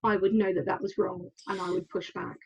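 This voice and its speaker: A woman's voice: mid-range voice, flat delivery, fairly quick, slight background noise, low-quality recording. A woman, a podcast guest telling her personal story candidly and with hesitations. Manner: candid, hesitant, acts out quoted lines.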